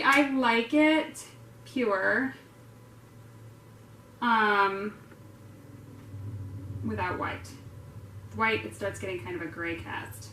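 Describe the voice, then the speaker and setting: A woman's voice: fairly high pitch, fairly bright tone. A woman hosting a casual painting tutorial, chatty and rambling with lots of fillers, poking fun at herself. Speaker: art tutorial host. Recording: echoey room, distant mic, faint noise.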